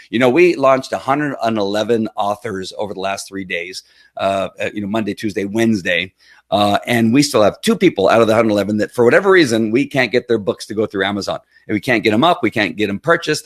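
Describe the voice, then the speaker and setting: Halting, earnest middle-aged man. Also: fairly low pitch, no echo, clean studio sound. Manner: rambling, halting, with many fillers and restarts; earnest and emotional. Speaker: livestream host. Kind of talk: casual livestream chat.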